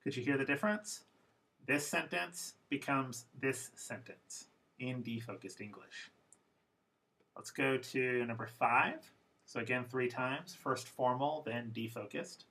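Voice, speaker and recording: A man teaching English pronunciation in a classroom lecture, explaining terms and modeling example sentences slowly and then quickly. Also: mid-range voice, sharp tone. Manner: clear, explanatory, addressing students.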